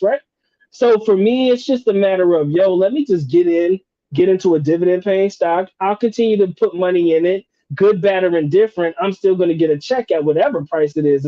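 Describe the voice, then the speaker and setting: A man hosts a live stream with a high yet mellow voice. He talks in a casual, slangy and profane way and laughs often. The stream audio sounds dull and lo-fi. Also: dry recording. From North Carolina, USA. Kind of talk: casual livestream chat.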